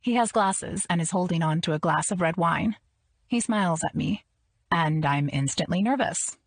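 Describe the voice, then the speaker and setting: Low, gravelly woman narrating an audiobook. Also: normal speed. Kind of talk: first-person scripted narration.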